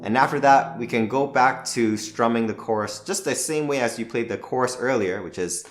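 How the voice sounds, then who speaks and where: A man teaching a guitar lesson, calmly naming the chords and counting out strum patterns. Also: mid-range voice, moderate pace, hardly any pauses. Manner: calm, counts out strums plainly. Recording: roomy with loud guitar music. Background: guitar playing.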